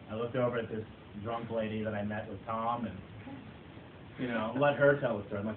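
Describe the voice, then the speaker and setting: A man's voice: medium pitch, a little fast. A man giving a humorous club speech to a live audience. He tells playful, self-mocking stories about himself. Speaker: club speaker. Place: meeting room with an audience. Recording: tinny echoey far-off recording, noisy.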